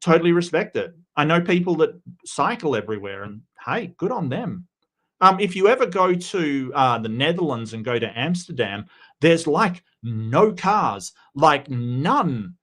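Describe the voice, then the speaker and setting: A man's voice: on the high side, sing-song, a little slow, a bit bright. An Australian man hosting a casual livestream, chatting loosely with many restarts and greeting viewers by name. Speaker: livestream host.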